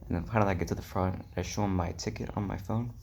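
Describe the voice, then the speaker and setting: A man's voice: low-pitched, steady tone, fast, creaky, darkish tone, slight background noise. A young man telling a rambling travel story in a casual vlog, full of "like" and "um", slipping into whispery asides. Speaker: travel vlogger.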